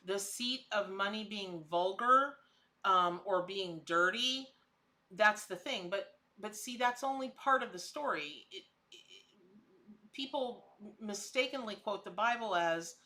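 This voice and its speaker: Bright-voiced chatty woman tarot reader. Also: medium pitch, a little slow. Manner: chatty, greets and answers viewers in chat by name; laughs often, with frequent restarts. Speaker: tarot reader hosting a live stream. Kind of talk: casual live-stream tarot reading.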